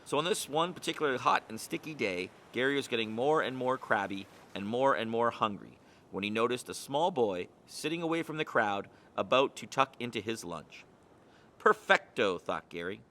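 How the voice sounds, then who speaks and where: A man narrating a children's picture book. His storytelling is expressive and lively, and his tone has a bright, pointed edge. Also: medium pitch, brisk, a little hiss or hum. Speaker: reader. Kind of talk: picture book read-aloud.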